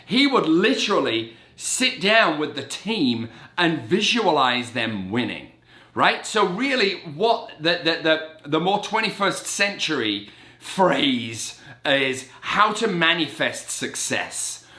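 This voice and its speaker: A middle-aged man, a real estate agent, giving an animated, very caffeinated motivational talk and acting out his inner voice in quick asides. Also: fairly high pitch. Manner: animated and energetic, self-described as very caffeinated. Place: indoor room with a blackboard on the wall. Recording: roomy echo.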